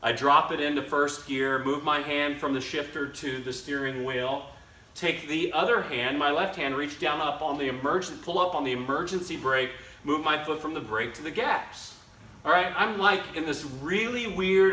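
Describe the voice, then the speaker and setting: A young man speaking to a men's ministry dinner conference, telling a personal story in an animated way and acting out other people's lines. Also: a little high. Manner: animated, acts out his grandfather's lines. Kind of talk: storytelling talk to an audience. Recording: echoey hall, slightly distant mic.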